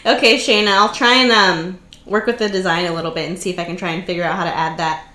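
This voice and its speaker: A woman's voice: on the low side, fairly even intonation, fast talker, bright, forceful tone. Chatty woman hosting a live stream. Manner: chatty, greets viewers by name, laughs easily. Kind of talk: casual live stream chat. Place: home craft room. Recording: roomy echo.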